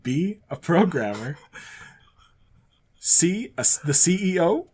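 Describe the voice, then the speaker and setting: A man's voice: a little high, sing-song, takes it slowly, a little mellow, slightly rough. A man from Canada co-hosting a podcast, reading out trivia questions in an easygoing way. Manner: easygoing, reads multiple-choice options. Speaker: podcast co-host, quizmaster.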